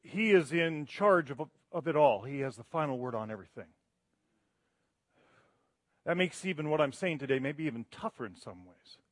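A middle-aged man preaching, his voice a little high for a man. He talks in a loose, joking, conversational way, then presses hard on his key points. The sound is close and dry. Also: expressive, normal speed, no room sound. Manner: conversational, self-deprecating, rising to emphatic passages. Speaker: guest preacher. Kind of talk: sermon. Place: church sanctuary.

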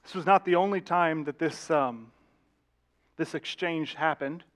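A man's voice: on the high side, unhurried, a bit bright. A male pastor preaching a sermon, telling a story vividly and addressing the congregation directly.

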